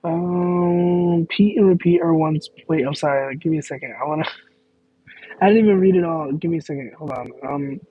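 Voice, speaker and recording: A man with a somewhat high, slightly husky voice talks loosely to his audience, rambling and correcting himself as he goes. The sound is a little dull and lo-fi, like stream audio. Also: normal speed. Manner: rambling, self-correcting, laughs in disbelief. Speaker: streamer answering chat questions. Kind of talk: casual live Q&A chat.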